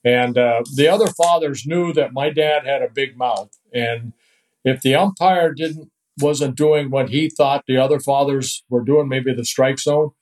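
Older male guest from the Netherlands; relaxed, chatty anecdotes with easy chuckles. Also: mid-range voice, measured pace, poor audio. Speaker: guest, retired pitcher. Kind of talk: storytelling in a podcast interview.

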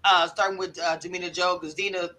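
Bright, hyped man hosting a live panel. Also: sits high, flat delivery, quick pace, a little hiss or hum. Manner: hyped, affectionate, introduces guests. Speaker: host.

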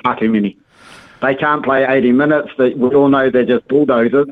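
A man's voice: mid-range voice, steady tone, a little fast. A man calling talkback radio, earnest and a little hesitant. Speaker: caller. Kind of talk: phoned-in talkback chat. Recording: tinny phone line.

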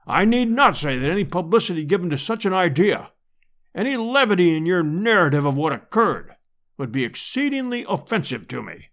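A man's voice: high-pitched, sing-song, brisk, fairly bright tone, heavily acted. A man reading an audiobook and voicing a pompous, vain elderly professor who speaks in lofty formal phrases. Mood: indignant.

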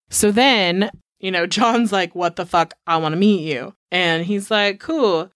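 A woman's voice: mid-range voice, a little slow, a bit bright, no echo, studio quality. A young adult woman co-hosting a podcast, loosely retelling a film plot with lots of fillers and swearing. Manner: loose, profane retelling full of "like". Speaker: podcast co-host. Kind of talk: casual film recap chat.

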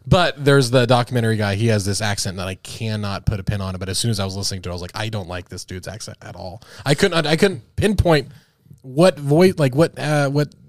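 A man's voice: fairly low pitch, a little fast, no room sound, studio quality. A man co-hosting a podcast in casual chat, laughing often and repeating words as he thinks. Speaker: podcast co-host.

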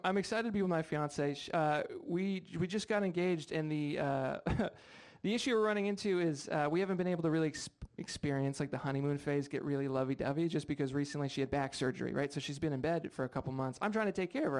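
Self-deprecating young stand-up comic. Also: male voice, fairly high pitch, fast talker. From United States. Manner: self-deprecating, chatty, talks to the crowd. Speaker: stand-up comedian. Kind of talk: stand-up comedy set. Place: live comedy show with audience.

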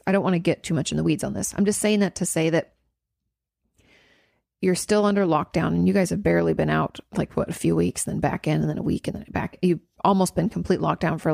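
Gravelly-voiced woman therapist, rambling. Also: lowish voice, a little mellow, no room sound, clean studio sound. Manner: rambling, emphatic, repeats herself with restarts. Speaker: therapist and podcast host. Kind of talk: casual podcast advice talk.

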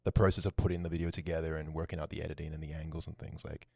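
A man's voice: rumbling low, flat delivery, racing, gravelly, warm tone, slightly rough, no echo, clean studio sound. A man hosting a casual podcast from a rented living room couch, chatty and swearing freely. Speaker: podcast host.

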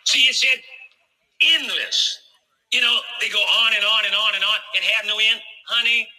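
A man's voice: sits high, bright, forceful tone, rough recording. A male pastor preaching a sermon, emphatic and folksy, repeating phrases for emphasis.

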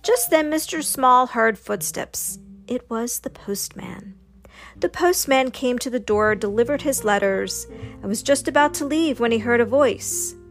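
A woman reading a children's storybook aloud in a slow, gentle, expressive way. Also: fairly high pitch, faint music behind. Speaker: storybook narrator.

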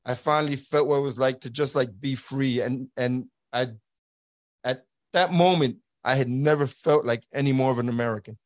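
A middle-aged man speaks as an interview guest, in a voice of ordinary pitch, recorded dry and close with no room sound. He tells his story earnestly, acts out what others said, and stumbles over repeated words. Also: steady tone, moderate pace, no echo. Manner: earnest, acts out quoted dialogue. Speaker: guest, former border agent. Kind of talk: conversational storytelling.

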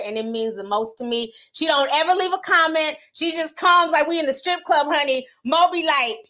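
Woman host, high and bright, sassy and animated. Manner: sassy, animated, calls viewers sis and honey. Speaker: podcast host reading super chats. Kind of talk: casual livestream chat.

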